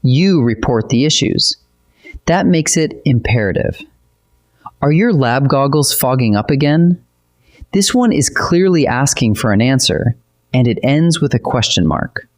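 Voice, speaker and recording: A teacher narrating a scripted grammar lesson in a measured, explanatory way. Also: medium pitch. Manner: measured, explanatory, lively intonation.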